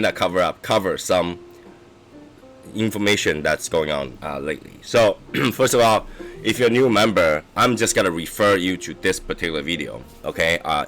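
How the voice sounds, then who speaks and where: Hoarse, very low-voiced man. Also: fairly bright tone. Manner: keeps clearing his throat, halting restarts. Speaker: livestream host reviewing cigars. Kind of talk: casual rambling chat.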